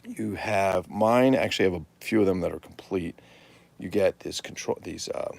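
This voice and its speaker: A man's voice: deep voice, moderate pace, gravelly, darkish tone. A man hosting a live collectibles show, chatting in a rambling, enthusiastic show-and-tell way.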